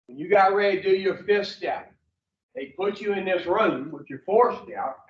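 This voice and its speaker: A man's voice: sits high, a bit bright. A man teaching a recovery class, telling a story in a blunt, profane, plainspoken way. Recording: roomy, distant, dull classroom audio.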